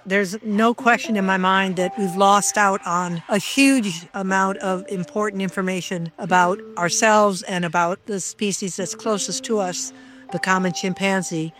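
A woman's voice: medium pitch, steady tone, a little slow, fairly bright tone. An older woman, a former chimpanzee researcher, speaking reflectively and with emotion in a documentary interview.

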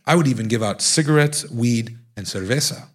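A man's voice: medium pitch, brisk, close to an everyday voice. A man voicing a brash, tough male gang smuggler who talks in slangy street speech. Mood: earnest. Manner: slangy street talk, boastful.

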